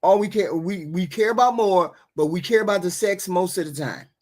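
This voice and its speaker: Over a remote call, a woman hosts a livestream talk show in a fairly low, darkish voice at normal speed. She argues with impassioned energy and keeps repeating herself to press her point.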